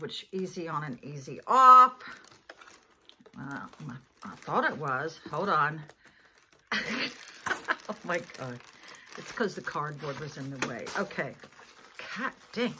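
Chatty woman over sixty, bright voice. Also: low-pitched, a little hiss or hum. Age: 60s. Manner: chatty, thinks aloud, laughs often. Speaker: vlogger. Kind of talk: casual unboxing chat.

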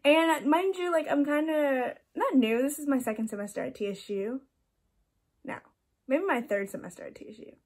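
High-voiced chatty young woman. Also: moderate pace, darkish tone. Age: young adult. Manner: chatty, laughs often, lots of "like". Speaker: vlogger. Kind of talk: casual storytelling.

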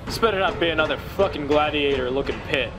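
A young man playing a video game and shouting and swearing at it in fury, over the game's music. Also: fairly high pitch, fast, noisy background. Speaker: gaming YouTuber. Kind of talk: angry gameplay commentary.

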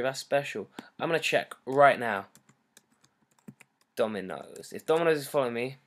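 A teenage boy with a British accent hosts a casual livestream for his fans. He reads their comments aloud in an excitable, rambling, jokey way, over a laptop mic. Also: medium pitch. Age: teens. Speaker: singer hosting a fan livestream. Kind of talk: casual livestream chat reading fan comments.

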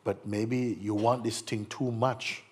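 Soft, husky-voiced male spiritual teacher. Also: lowish voice, level tone, takes it slowly. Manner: gentle, playful, acts out voices and laughs. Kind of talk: satsang talk to an audience.

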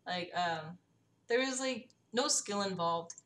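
A woman's voice: mid-range voice, expressive, slow. A woman playing a story game, reading its text aloud and adding casual, hesitant comments with fillers. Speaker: let's play gamer. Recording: distant mic under loud game music.

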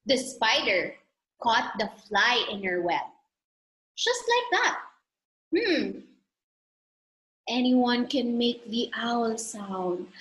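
Bright, high-voiced woman teacher, storybook read-aloud for kids, roomy video-call sound. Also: slow. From Philippines. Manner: animated, playful, coaxing. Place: home room, online class.

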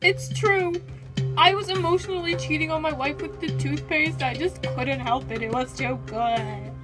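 A woman's voice: high-pitched, normal speed, close to an everyday voice. A young woman voicing a toy pet who plays a young husband obsessed with toothpaste, whiny and dramatic, in a toy role-play video. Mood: despairing. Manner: whiny, dramatic, prone to screaming outbursts. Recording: music playing underneath.

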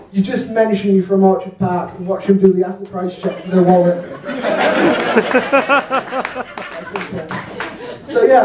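A young male stand-up comic from Hull, England, with a high voice, performs a set at a hotel function room gig. He delivers deadpan one-liners full of ums and crude punchlines. The live recording is distant, echoey and noisy.

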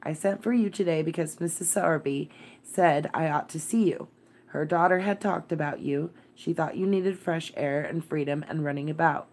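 A woman voicing a melancholy, fretful gentleman who speaks in a worried, absent-minded way. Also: deep voice, normal speed.

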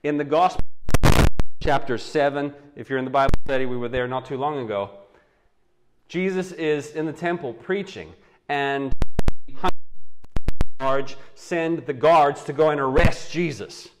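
A male pastor preaching a sermon and telling it as animated stories with acted-out quotes. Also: on the high side, measured pace, pauses often, noisy background. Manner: animated storytelling, acts out quotes.

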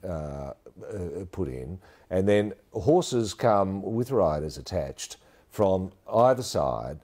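A man with an Australian accent, co-hosting a deadpan mock sports commentary, rambling with many fillers. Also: low voice, takes it slowly. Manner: rambling, hesitant, lots of fillers. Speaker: comedy co-host.

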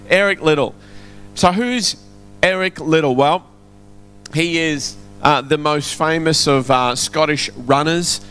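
A man's voice: a little high, smooth. A man preaching a sermon in a church, chatty and quizzing the congregation. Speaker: pastor. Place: church hall. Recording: soft music behind.

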